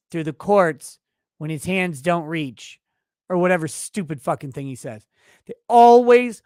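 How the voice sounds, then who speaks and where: A man's voice: a little high, fairly bright tone, dry recording, studio quality. A man hosting a legal commentary livestream who rants in a heated, profane way. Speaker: legal commentary show host.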